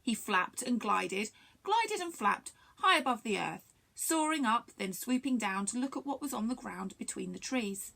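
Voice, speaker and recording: A woman reads a children's story aloud at story time. Her voice is fairly high, with a gravelly texture, and it rises and falls with lively expression. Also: normal speed. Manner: expressive, animated reading. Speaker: library story reader.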